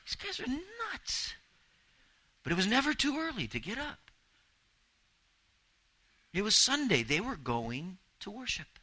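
A man's voice: high voice, very animated, a little slow, pauses often, pushed and bright, rough recording. A man in his fifties, a pastor preaching an earnest, emphatic sermon.

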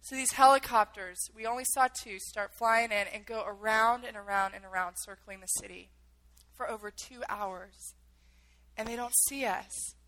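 Bright-voiced woman telling a gripping story. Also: fairly high pitch, fairly even intonation, normal speed, low-quality recording. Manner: vivid, emotional retelling with acted-out quotes. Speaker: speaker telling a personal story. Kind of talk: dramatic personal storytelling.

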